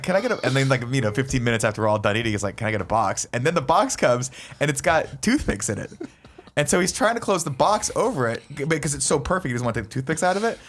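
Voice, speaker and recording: A man hosting a podcast, telling stories in a casual, animated way and swearing freely. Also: fairly high pitch, a little hiss or hum. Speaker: podcast host. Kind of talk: casual chat.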